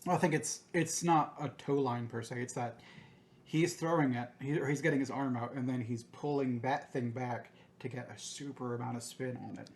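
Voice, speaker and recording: A man in his thirties chatting casually as a podcast co-host. His voice sits at a middle pitch, and he gets excitable, swearing freely and slipping into quoted voices. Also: normal speed. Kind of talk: casual chat.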